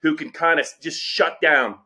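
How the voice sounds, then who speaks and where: A man's voice: a little high, moderate pace, sharp tone, breathy edge. A man co-hosting a sports podcast in casual chat, emphatic and opinionated.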